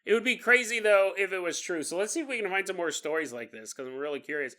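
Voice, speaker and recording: A man's voice: sits high, fast, sharp tone. A man hosting a podcast, telling a story in a casual, jokey way, acting out the people in it and laughing often. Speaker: podcast host.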